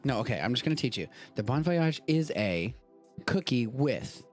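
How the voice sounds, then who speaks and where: A man's voice: mid-range voice, very animated, moderate pace, faint music behind. Rambling man hosting a casual show. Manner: loose and rambling, swears casually. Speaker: show host. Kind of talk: casual chat, tasting food. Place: home studio during a live stream.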